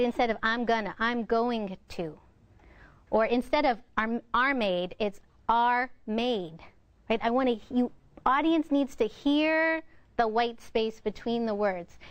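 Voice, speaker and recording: A middle-aged woman presenting a workshop, coaching clearly and modeling intonation examples for the audience. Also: on the high side, dry recording. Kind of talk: interactive workshop lecture.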